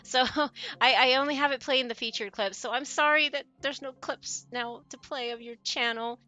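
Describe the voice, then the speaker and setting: A woman's voice: sits high, fairly even intonation, moderate pace, sharp tone, highs cut off. A woman streamer in casual live-stream chat, chatty and giggly, often trailing off and restarting her sentences.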